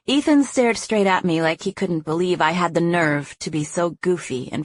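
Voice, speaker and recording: A woman reading a first-person romance audiobook, narrating smoothly and giving the heroine's lines a lively, playful voice. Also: fairly low pitch, moderate pace, hardly any pauses, no room sound.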